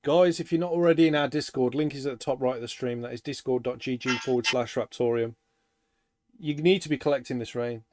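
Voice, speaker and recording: A man's voice: mid-range voice, fairly quick, darkish tone. A man co-hosting a live stream, upbeat and chatty, plugging the community channel. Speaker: co-host.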